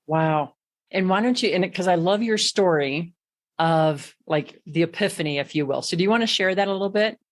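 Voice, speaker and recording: A woman's voice: lowish voice, normal speed. Encouraging woman podcast host. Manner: enthusiastic, encouraging. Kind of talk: interview hosting.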